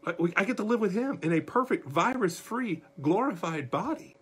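A man leading a livestreamed Bible study as pastor, folksy and animated, talking straight to his viewers. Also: sits high, normal speed, slightly rough.

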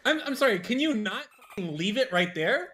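A man's voice: sits high, very animated, moderate pace, sharp tone, faint music behind. Exasperated rambling man in his thirties. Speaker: streamer's friend. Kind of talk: casual stream banter.

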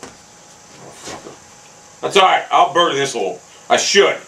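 A young man commentating his own golf video game, hot-tempered and swearing constantly, often bursting into angry shouts. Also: fairly high pitch, very animated, fast, creaky, a little hiss or hum, low-quality recording. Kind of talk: live gameplay commentary.

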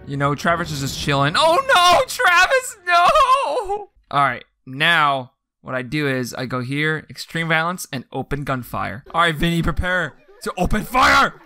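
A man doing goofy, dark-humored let's play commentary, bursting into laughs and yelps. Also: fairly high pitch, expressive, moderate pace, few pauses. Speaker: gaming YouTuber.

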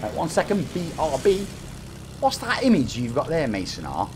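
A man's voice: on the high side, wildly swooping pitch, moderate pace, noisy background. A man in his forties with a Nottingham accent, chatting and bantering while streaming a game live. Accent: Nottingham English. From England. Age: 40s. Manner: chatty, reads chat aloud, jokey banter.

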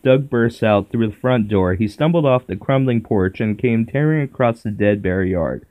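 A man reading a children's horror book aloud in a steady first-person storytelling manner. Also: fairly low pitch, normal speed, hardly any pauses, phone-quality sound. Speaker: narrator.

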